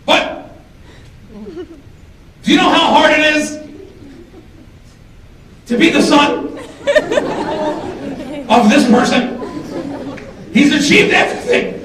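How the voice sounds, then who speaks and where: High-voiced comedian teasing a crowd. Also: male voice, takes it slowly, long pauses. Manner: animated, teasing the audience, shouting punchlines. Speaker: stand-up comedian. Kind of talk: stand-up comedy. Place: large hall with a live audience. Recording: echoey hall, distant mic, crowd.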